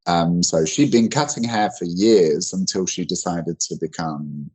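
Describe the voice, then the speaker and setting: A man's voice: low-pitched, measured pace, a little mellow, breathy edge, poor audio. A man teaching English grammar in an online lesson, explaining in a loose conversational way with many fillers and restarts.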